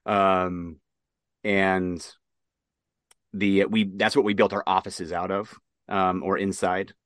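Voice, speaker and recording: Dry-voiced man telling a halting story. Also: low-pitched, little pitch movement, a bit bright, no room sound. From Nebraska. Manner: halting, many fillers and restarts. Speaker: interview guest, military veteran. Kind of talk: casual spoken storytelling.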